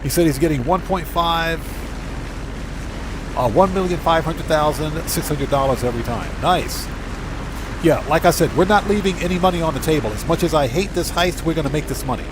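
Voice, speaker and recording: A man live-streaming a video game, chatting casually and excitably with his viewers from a home streaming setup. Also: a little high, a little fast, background noise. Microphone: streaming setup microphone.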